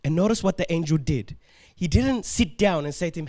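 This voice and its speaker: A man preaching a sermon as pastor, animated and laughing often as he acts out the complaints of the figures he talks about. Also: a little high, brisk.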